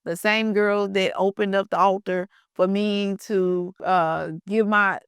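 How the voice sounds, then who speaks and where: A woman's voice: mid-range voice, steady tone, slow pace, smooth, dry recording. A woman host telling a personal faith story in a casual, conversational way. She speaks colloquially and talks straight to her listeners. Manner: conversational, addresses listeners as y'all, colloquial grammar. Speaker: podcast host sharing her testimony.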